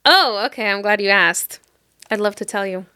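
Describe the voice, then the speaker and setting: A woman's voice: mid-range voice, moderate pace, bright, forceful tone, smooth, no echo, clean studio sound. A woman podcast host casually retelling a book plot in a rambling way, with lots of filler words. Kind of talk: casual chat.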